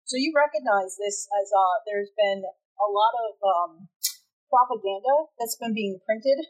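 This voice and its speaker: A woman's voice: medium pitch, a little slow, poor audio. Woman running a tabletop horror game. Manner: casual, explaining rules with fillers. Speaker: game master.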